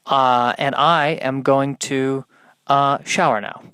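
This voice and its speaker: A man's voice: medium pitch, steady tone, slow, sharp tone, clean tone, no echo. A man voicing a capable, self-assured young woman who talks in a musing, resolved way.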